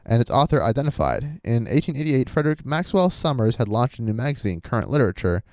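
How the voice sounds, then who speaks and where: A man's voice: mid-range voice, big pitch swings, quick pace, darkish tone, no echo, studio quality. A man co-hosting a podcast, telling a story in casual chat, reading quotes aloud and adding wry, sarcastic asides. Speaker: podcast co-host.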